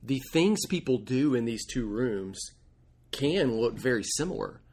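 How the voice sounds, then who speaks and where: A man's voice: mid-range voice, animated, unhurried, darkish tone, slight background noise. A man co-hosting a casual faith conversation, thoughtfully summing up ideas. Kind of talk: casual chat.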